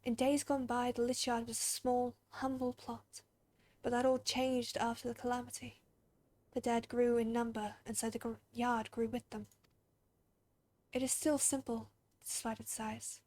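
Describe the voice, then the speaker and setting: A woman voicing a solemn graveyard keeper in a video game, reading in a formal, measured way. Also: a little high, level tone, darkish tone, lightly acted.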